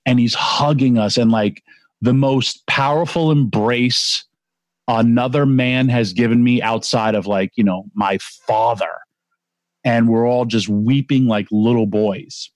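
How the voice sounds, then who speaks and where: Guy in his 40s rambling through an emotional story, lowish voice, dry close sound. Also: a little slow, no echo. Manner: rambling, emotional, frequent restarts and quoted voices. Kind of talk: casual anecdote telling.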